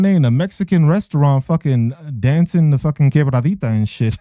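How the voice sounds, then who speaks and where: A man's voice: fairly high pitch, expressive, a little fast, warm tone, dry recording. A man hosting a podcast, ranting casually with heavy profanity and frequent laughter. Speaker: podcast host.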